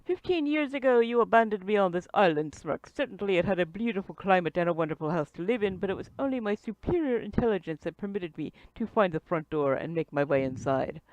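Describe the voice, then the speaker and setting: A woman voicing a pompous male island host who turns into a vengeful villain, speaking low and slow with a throaty whisper. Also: animated, darkish tone, no echo, highs cut off, close to an everyday voice. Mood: menacing.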